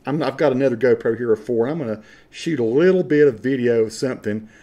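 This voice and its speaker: A man's voice: medium pitch, fast talker, dark tone, muffled recording. A man from western North Carolina with an Appalachian accent, talking to camera in a passionate, rambling, folksy monologue. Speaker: vlogger.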